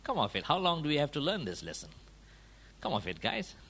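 A man preaching a sermon, driving his points home with rhetorical questions and quick checks like "huh?" and "yeah?", his volume rising and falling for emphasis. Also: a little high, wildly swooping pitch, a bit bright. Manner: emphatic, swings between raised and dropped volume.

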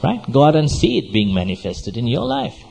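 A man's voice: mid-range voice, wildly swooping pitch, fairly quick, creaky, a little mellow, husky, rough recording. A man preaching a sermon as pastor, exhorting and repeating himself, often asking his listeners questions. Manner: exhorting, repetitive, asks the audience questions.

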